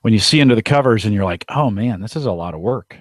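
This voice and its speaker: A man's voice: fairly low pitch, lively intonation, fast, dry recording, studio quality. A man co-hosting a podcast, chatting in an easygoing, agreeable way. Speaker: podcast co-host. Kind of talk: casual podcast chat.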